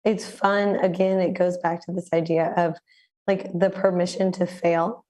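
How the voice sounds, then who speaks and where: A woman hosting a community radio interview, hoarse and raspy from the flu, chatting in a relaxed way with many fillers over a video call. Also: fairly low pitch, measured pace. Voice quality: raspy, smoky. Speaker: radio show host.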